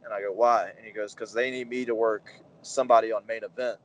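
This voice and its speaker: Interview guest, man in his 30s, lowish voice, lively storyteller who acts out quotes. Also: fast talker, rough recording. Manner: animated anecdotes, acts out quoted dialogue, many fillers. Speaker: pro wrestler, interview guest.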